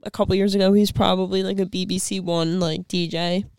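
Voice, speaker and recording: A woman co-hosts a casual podcast, blunt and quick to swear. Her voice is smooth and resonant with a gravelly edge. The sound is dry and close, with faint music behind her. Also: fairly low pitch, little pitch movement, darkish tone, no echo. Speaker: podcast co-host. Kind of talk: casual chat.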